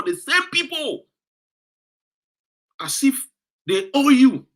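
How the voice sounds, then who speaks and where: A man's voice: very high voice, sing-song, takes it slowly, pauses often, a bit bright. A Ghanaian man giving impassioned political commentary. He lectures and scolds his audience with rhetorical questions and reads out viewer comments.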